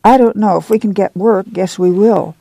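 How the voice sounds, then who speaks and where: A man's voice: high-pitched, normal speed, creaky, mellow, no room sound, voice pushed up. A man voicing a shy young pregnant woman with a who answers in a guarded mumble.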